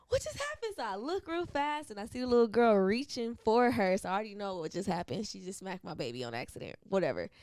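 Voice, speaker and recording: A young woman co-hosting a podcast, telling a story in casual chat and acting out quotes in high voices, swearing freely. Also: dry recording. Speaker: podcast co-host.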